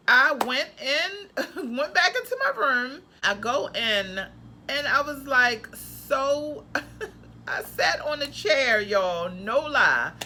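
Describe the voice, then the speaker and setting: A woman with a bright, forceful voice that sits a little high, chatting in a casual vlog. She tells her story in an expressive, slangy, dramatic way, and a faint hiss of noise sits behind her. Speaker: travel nurse vlogger.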